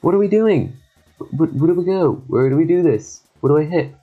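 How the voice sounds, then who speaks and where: A young man giving casual, joking gameplay commentary with quick excited reactions and sarcastic asides. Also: fairly high pitch, breathy edge, phone-quality sound. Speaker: gaming YouTuber. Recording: faint background music.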